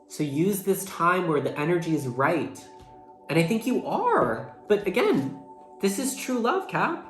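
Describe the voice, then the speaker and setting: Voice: mid-range voice, sing-song, unhurried. A young adult tarot reader giving a casual, emotional monthly reading, talking earnestly, swearing casually and saying "like" a lot. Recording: echoey room with faint music behind. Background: faint background music.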